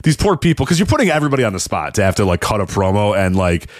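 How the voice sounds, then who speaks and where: A man co-hosting a casual wrestling podcast, excitable, laughing often and swearing casually. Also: fairly low pitch, racing, no room sound, studio quality. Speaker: podcast co-host.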